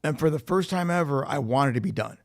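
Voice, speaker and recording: A man's voice: fairly high pitch, animated, brisk, vocal fry. A man telling his recovery story at a meeting, speaking candidly with swearing and acting out quoted dialogue. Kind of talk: personal testimony. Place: recovery facility meeting room.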